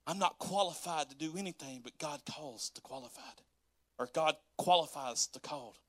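A man's voice: on the high side, normal speed, dry recording. A man preaching a sermon as pastor, folksy and dialect-heavy, laughing often and acting out quotes.

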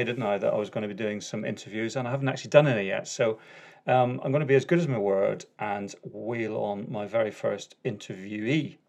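A man's voice: mid-range voice, a little mellow. A middle-aged man hosting a casual solo podcast, chatty, with lots of ums, uhs and restarts. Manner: chatty and self-correcting, frequent ums and uhs. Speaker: podcast host.

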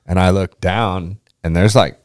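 Lower-voiced young man telling a story. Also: unhurried. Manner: swears often, heavy use of "like"; animated, acts out friends' lines. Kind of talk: casual storytelling.

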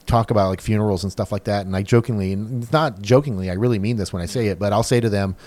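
A man's voice: on the low side, fast, darkish tone. Frank, rambling middle-aged man. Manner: rambling, filler-heavy, frank. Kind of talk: casual chat.

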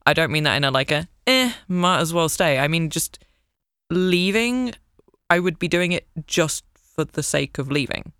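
A British woman talks in a bright, smooth, clear voice, playful and animated, poking fun at herself as she chats. The sound is close and dry, with no room around it. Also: low voice, moderate pace, no room sound. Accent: British English. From Britain. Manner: playful, animated storyteller, self-mocking humor. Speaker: guest, English teacher. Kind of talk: casual interview chat.

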